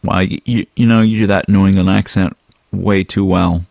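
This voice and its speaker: A man co-hosting a podcast, relaxed and chatty with plenty of ums and uhs. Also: low voice, normal speed, creaky, dry recording. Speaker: podcast co-host. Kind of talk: casual podcast chat.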